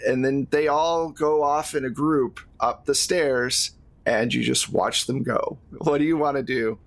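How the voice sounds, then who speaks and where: A man narrating as the game master of a tabletop role-playing game, relaxed and talkative, laughing easily. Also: mid-range voice, unhurried.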